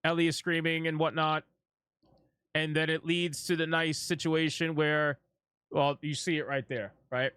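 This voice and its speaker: A man's voice: a little high, flat delivery, a little slow, sharp tone, clean tone, no room sound. A man giving casual, profane reaction commentary on a show, blunt and mocking, rambling with restarts. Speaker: gaming commentator.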